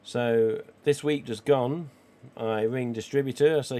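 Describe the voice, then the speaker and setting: A croaky man, chatting casually as a live stream host. He reads viewer comments aloud and answers in a cheeky, easygoing way, with casual swearing. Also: mid-range voice, fairly even intonation, measured pace, dark tone. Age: 40s. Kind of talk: casual livestream chat reading viewer comments.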